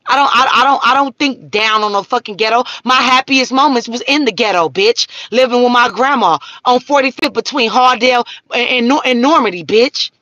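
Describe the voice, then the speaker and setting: A woman's voice: on the high side, fairly quick, few pauses, pushed and bright, no room sound, lo-fi sound. A woman, hosting a live stream and ranting profanely at her viewers. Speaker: livestream host.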